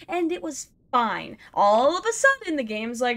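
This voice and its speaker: Speaking at normal speed with few pauses, this woman's high voice swings widely in pitch. As a let's play gamer, she chats to herself about the video game she's playing, poking fun at herself, laughing and groaning, sighing in exasperation and erupting at the game.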